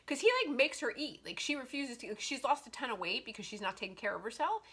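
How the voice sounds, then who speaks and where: Bright-voiced chatty woman reviewing books. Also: high-pitched, fast talker, hardly any pauses. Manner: chatty and animated, heavy use of "like". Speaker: book reviewer. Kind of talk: casual book review vlog.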